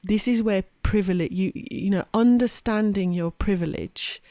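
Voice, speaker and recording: A woman's voice: mid-range voice, normal speed, dark tone, no echo. A woman co-hosting a podcast, talking in a rambling, emphatic way with frequent restarts. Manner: rambling, self-correcting, emphatic. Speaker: podcast co-host. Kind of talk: casual podcast chat.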